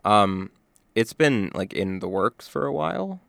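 A man co-hosting a casual gaming news podcast, relaxed and full of filler words. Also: on the low side, a little slow, gravelly, no room sound. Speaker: podcast co-host.

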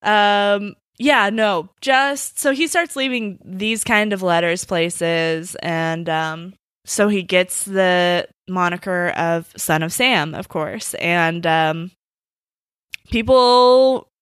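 A woman's voice: on the low side, slow, a bit bright, smooth, dry recording, clean studio sound. A woman co-hosting a podcast in casual chat, swearing freely and leaning on "like" as a filler. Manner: casual and profane, full of "like" fillers. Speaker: podcast co-host.

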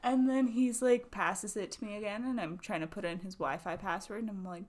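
A woman's voice: mid-range voice, steady tone, a little fast, few pauses, a little mellow. A woman co-hosting a podcast from a small home studio, chatting casually, laughing a lot and saying "like" often. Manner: giggly, chatty, lots of "like". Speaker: podcast co-host. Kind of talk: casual chat.

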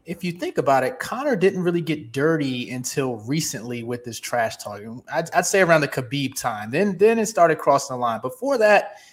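A man's voice: on the high side, big pitch swings, moderate pace, few pauses. A man on a sports talk panel, answering in an easygoing, conversational way. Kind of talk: casual sports chat.

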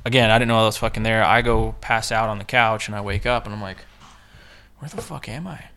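Low-voiced man telling a loose story. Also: flat delivery, fast talker, pushed and bright, smooth. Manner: loose, profane storytelling full of quoted asides. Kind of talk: casual chat among friends.

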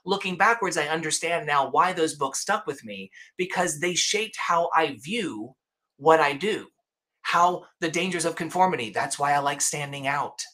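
A man guesting on a casual interview show, talking in an emphatic, storytelling way. His voice sits a little high and has a bright, forceful edge. He often restarts his sentences. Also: lively intonation, normal speed. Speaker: podcast guest.

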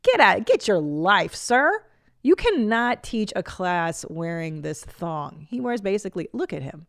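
A woman in her forties hosts a podcast with a loose, comedic monologue. She swears freely, chats breezily and breaks into laughter. Her voice sits at a middle pitch and is recorded close and dry. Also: very animated, unhurried, no room sound. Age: 40s. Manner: profane, chatty, laughs often. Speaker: podcast host.

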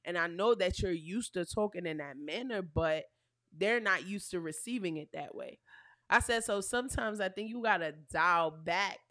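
A woman's voice: lowish voice, normal speed, pushed and bright, dry recording, studio quality. A woman chatting casually as a podcast co-host, explaining her point and retelling conversations. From New York. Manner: conversational, explaining with reported dialogue. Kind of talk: casual chat.

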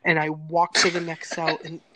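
A man's voice: fairly high pitch, monotone, moderate pace, bright, forceful tone, rough recording. A man co-hosting a casual podcast, talking bluntly and with profanity, and explaining terms for listeners. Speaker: podcast co-host. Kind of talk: casual conversational storytelling.

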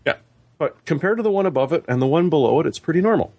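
A man's voice: a little high, expressive, very fast, no echo, highs cut off. A man on a tech podcast, running through product specs with dry jokes in casual chat. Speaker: podcast host.

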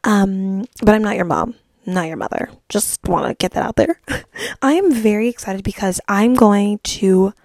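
Brief: chatty woman solo-podcast host, bubbly and rambling, mid pitch, dry close sound. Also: moderate pace, a little mellow, dry recording. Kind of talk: casual solo podcast chat.

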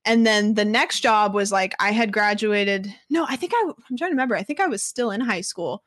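A woman's voice: mid-range voice, normal speed, fairly bright tone, dry recording, clean studio sound. A young woman, a guest in a casual interview, telling stories in a chatty way with lots of filler words. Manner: chatty, lots of "like" fillers, acts out quoted voices.

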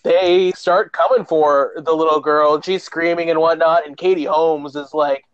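A man casually recapping a horror movie plot in a profane, animated way, acting out the characters as he goes. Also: fairly high pitch, moderate pace, clean tone, no echo. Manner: profane, animated storyteller, acts out quotes. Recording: dull dry lo-fi sound.

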